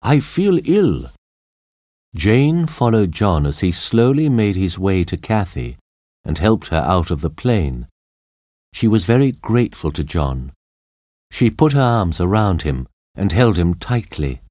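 A man narrating a storybook in a measured, expressive way. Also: deep voice, dry recording, studio quality.

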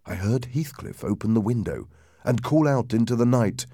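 Gravelly man reading a ghost story. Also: moderate pace, no room sound, studio quality. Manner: lively, dramatic reading that drops low and hushed for suspense. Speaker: narrator. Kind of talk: storybook narration.

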